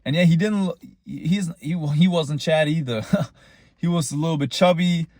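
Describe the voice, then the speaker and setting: A man's voice: a little high, moderate pace, a little mellow, no echo, studio quality. A young man, rambling casually in a boastful, tongue-in-cheek monologue. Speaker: vlogger.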